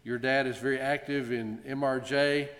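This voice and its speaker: A man of middle pitch addressing a congregation as its president, speaking ceremonially but slipping in gentle jokes between pauses. His voice carries a long reverb from the large sanctuary. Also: steady tone. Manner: warm, gently joking, with frequent pauses. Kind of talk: ceremonial presentation speech. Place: synagogue sanctuary.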